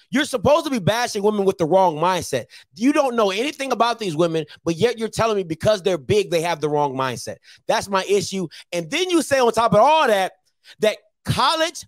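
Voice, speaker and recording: High-voiced guy running a call-in show, blunt, in your face, dry close sound. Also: no echo. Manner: blunt, confrontational, repeats phrases. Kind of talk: heated call-in commentary.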